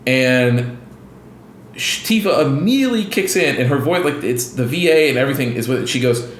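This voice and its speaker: A man's voice: medium pitch, lively intonation, normal speed, echoey room, slight background noise. A man co-hosting a casual gaming podcast, rambling with lots of restarts and fillers and acting out scenes as he retells them. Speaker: podcast co-host.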